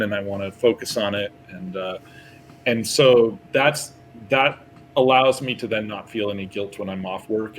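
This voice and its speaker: Low-voiced man chatting casually. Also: a little hiss or hum, poor audio. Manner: candid, rambling, laughs often. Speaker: guest artist. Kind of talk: casual podcast chat.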